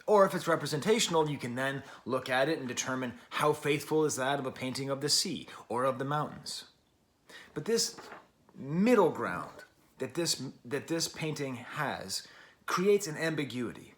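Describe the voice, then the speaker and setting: A man's voice: a little high, expressive, moderate pace, fairly bright tone. A man hosting a music review show, talking through his thoughts in a casual, musing way with long strings of clauses. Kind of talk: casual spoken album review.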